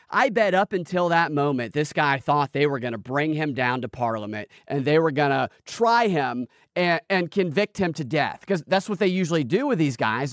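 Man, podcast host, sarcastic commentary, higher voice, dry close sound. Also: dry recording. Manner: sarcastic, incredulous, laughing asides. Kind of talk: commentary on news clips.

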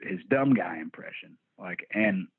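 Man, Texan accent, low-pitched, candid storyteller, swears casually, dry phone-line sound. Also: expressive, unhurried, slightly rough, no echo. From Texas. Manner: candid, swears freely, laid-back storytelling. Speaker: band vocalist, podcast guest. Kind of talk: casual interview chat.

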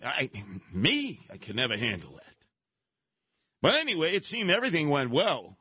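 A man's voice: on the high side, moderate pace, husky, no room sound. A man hosting a talk radio show, ranting in a monologue and slipping into mocking impressions. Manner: animated, jumping into mocking impressions.

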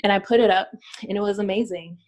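A woman's voice: medium pitch, fairly even intonation, fast talker, a little mellow, slight background noise, low-quality recording. A woman street artist telling a personal story in an earnest, reflective way, with frequent ums.

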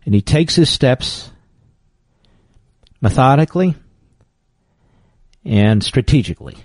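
A man's voice: mid-range voice, animated, takes it slowly, a little mellow, slightly rough, no echo. A man hosting political talk radio, combative and emphatic in his commentary, often scornful. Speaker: radio talk show host.

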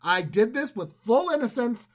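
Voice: sing-song, normal speed. A podcaster voicing an aggrieved male king who protests his innocence, pleading in a raised, exasperated voice. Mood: indignant. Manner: pleading, high-pitched, exasperated.

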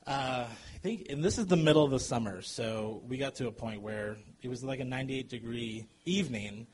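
A man telling a comic true story to a live audience, animated and chuckling as he goes. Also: medium pitch, normal speed, slightly rough.

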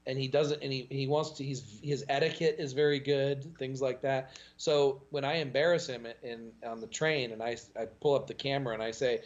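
A man guesting on a podcast, telling stories in an animated way and chuckling often. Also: mid-range voice, normal speed, hardly any pauses, dull audio. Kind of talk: casual podcast chat.

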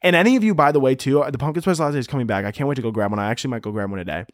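A man's voice: medium pitch, racing, no room sound, clean studio sound. A man hosting a comedy podcast, ranting in a crude, over-the-top, absurd way and saying "dude" a lot. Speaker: podcast host. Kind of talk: comedic solo podcast rant.

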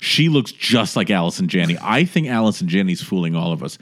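A man hosting a podcast, telling stories in a playful, animated way. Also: sits low, a little fast. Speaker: podcast host. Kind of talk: casual podcast chat.

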